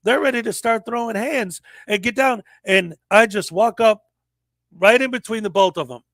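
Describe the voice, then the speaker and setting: A man in his forties hosting a livestream, telling a story in a lively casual way and acting out the people he quotes. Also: high voice, moderate pace, no room sound. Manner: animated storyteller, acts out quoted voices. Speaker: livestream host.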